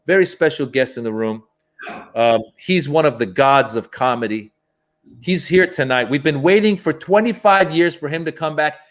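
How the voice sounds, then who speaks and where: A male comic emcee hyping up a special guest in showman announcer patter, as a man puts him on. The voice sits a little high. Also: expressive, moderate pace, lightly acted.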